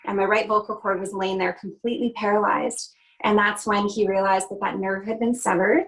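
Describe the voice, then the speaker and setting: A woman's voice: medium pitch, steady tone, brisk, fairly bright tone, slight background noise, low-quality recording. Earnest woman telling her story. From Canada. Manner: earnest, heartfelt retelling with frequent "you know" and "um". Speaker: guest, country singer. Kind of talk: personal storytelling in an interview.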